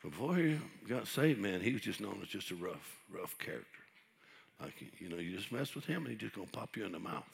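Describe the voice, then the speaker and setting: A middle-aged man pastor preaching a sermon, telling folksy stories and building up to shouted preaching. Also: fairly low pitch, very animated, a little fast, gravelly.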